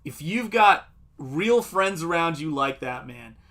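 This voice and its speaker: Middle-aged male streamer, bright, slightly high voice, lively anecdote-teller, casual. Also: measured pace. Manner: animated storytelling, acts out quotes. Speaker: comic artist streamer. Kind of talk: casual livestream chat.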